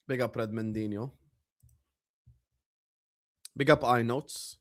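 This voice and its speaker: A young man with a mid-range voice hosts a live football watchalong, chatting casually with viewers and bantering with the chat. He's animated, breaking into loud shouts at big moments of the match as he commentates.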